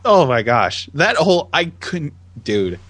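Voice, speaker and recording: A man co-hosting a casual chat podcast, animated and laughing often as he reads tweets aloud in voices. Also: on the high side, measured pace, dry recording. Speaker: podcast co-host.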